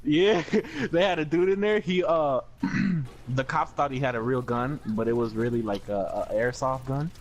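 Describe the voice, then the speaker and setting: A young man telling a story in a casual, animated way, full of slang and swearing and laughing often. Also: mid-range voice, moderate pace.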